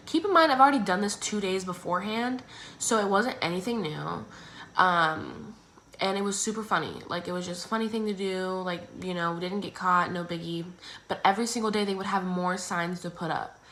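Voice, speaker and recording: Chatty young woman with a bright voice. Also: a little fast, a little hiss or hum. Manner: chatty, full of "like" and "um"; acts out others' lines in squeaky exaggerated voices. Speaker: storyteller. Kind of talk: casual storytelling.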